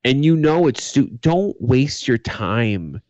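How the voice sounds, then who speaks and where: Male podcast co-host, lively and profane, dull lo-fi dry sound. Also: medium pitch, slow pace, no room sound. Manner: profane, emphatic. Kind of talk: casual chat.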